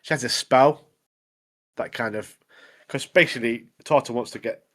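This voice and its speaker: Man, podcast co-host, casual recap, rambling, mid-pitched voice. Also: moderate pace. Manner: rambling recap, many fillers like obviously and mate. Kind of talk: casual chat.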